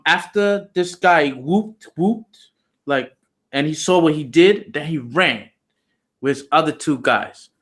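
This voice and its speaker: A man's voice: on the high side, fairly bright tone. A man being interviewed, telling a story in loose, slangy, profane casual talk with lots of "you know". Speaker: interview guest.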